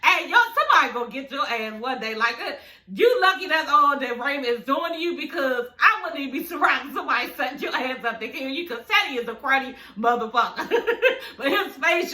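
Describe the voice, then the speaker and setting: A chatty woman recapping a TV episode, her voice bright and a bit high. She swears freely, laughs a lot and keeps talking straight to her viewers. The sound bounces around a roomy, echoey space. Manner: chatty, profane, keeps addressing viewers as y'all and girl; laughs often while talking. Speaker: show recap vlogger. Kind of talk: casual TV episode review.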